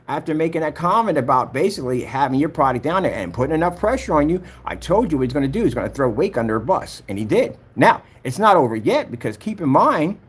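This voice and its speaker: Man, husky, raised pitch, swinging intonation, ranting vlog, taunting, repetitive. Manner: taunting, repeats himself, talks straight at a rival. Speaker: projector screen maker vlogger. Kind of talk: heated ranting vlog commentary.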